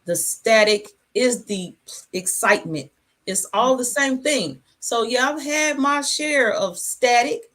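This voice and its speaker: A woman hosting a casual livestream from her home, talking in a relaxed, rambling, reflective way. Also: fairly high pitch, takes it slowly. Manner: talks with food in her mouth. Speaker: channel host.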